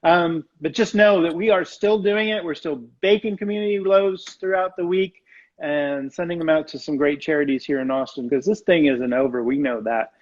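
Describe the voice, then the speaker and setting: A man's voice: on the high side, normal speed. Man on a dull lo-fi video call. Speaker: head baker. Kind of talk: casual live-stream chat.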